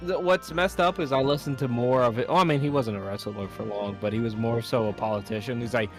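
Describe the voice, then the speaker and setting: A man's voice: medium pitch, steady tone, quick pace, few pauses, faint music behind. A man chatting casually with friends during a game stream, rambling and restarting his sentences. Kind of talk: casual gaming chat.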